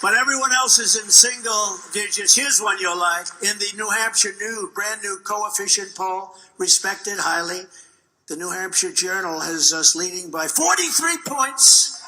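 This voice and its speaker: A man in his seventies with a high, piercing, very bright voice, speaking off the cuff to a rally crowd. He rambles from one tangent to the next, boasting and mocking, and a faint noise hums underneath. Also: lively intonation, unhurried, low-quality recording. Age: 70s. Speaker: political candidate addressing a rally. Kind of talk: off-the-cuff campaign rally speech. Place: rally venue before a live audience.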